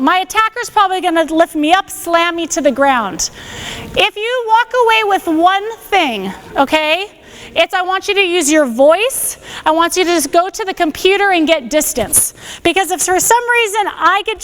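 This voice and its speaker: A woman teaching a self-defense class on a body microphone, giving energetic step-by-step commands and checking in with "okay?" after each one. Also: very high-pitched, normal speed, slight background noise. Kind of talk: classroom instruction. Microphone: wearing a microphone.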